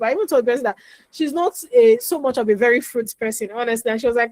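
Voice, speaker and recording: Brief: woman, higher-pitched voice recorded dry, talks parents through advice with anecdotes. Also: quick pace, darkish tone, no echo. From Nigeria. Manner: chatty, repeats advice, acts out dialogue. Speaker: parenting coach. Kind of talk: instructional talk with anecdotes.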